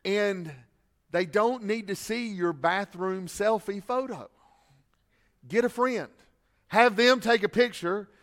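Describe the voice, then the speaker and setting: A middle-aged pastor delivers a sermon in a relaxed, folksy manner, trading scripture for humorous asides. He talks like a father giving advice, and his voice sits high for a man.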